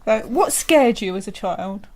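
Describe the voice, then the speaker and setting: A woman's voice: mid-range voice, expressive, measured pace, darkish tone. A woman co-hosting a podcast and interviewing her nephew, friendly and teasing. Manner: friendly, teasing, asks questions. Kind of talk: casual interview.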